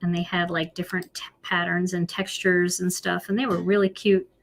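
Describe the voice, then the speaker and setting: A woman's voice: lowish voice, little pitch movement, moderate pace, creaky, faint music behind. A woman with a Philadelphia accent hosting a live card-making demonstration, chatty and self-deprecating as she colors. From Philadelphia, USA.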